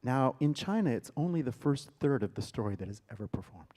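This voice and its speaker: Lecturing in a hall, a man who directs theater recounts a story with dramatic emphasis and sudden loud bursts. His mid-range voice is animated and fairly quick.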